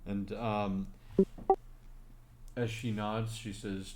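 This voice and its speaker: A man narrating as game master of a tabletop game, halting with many fillers. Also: deep voice, steady tone, a little mellow, slight background noise.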